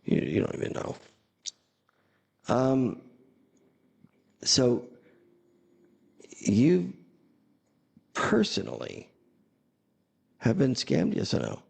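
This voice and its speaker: A man's voice: medium pitch, huge pitch swings, very slow, creaky, pauses often, a little mellow, slightly rough. A man hosting a casual chat, talking in a blunt, sarcastic, rambling way. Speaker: host.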